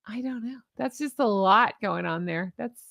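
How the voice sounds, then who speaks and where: A woman's voice: mid-range voice, normal speed, creaky, fairly bright tone, dry recording, studio quality. A woman in her forties giving casual commentary as a vlogger, sarcastic and exasperated, often laughing. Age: 40s.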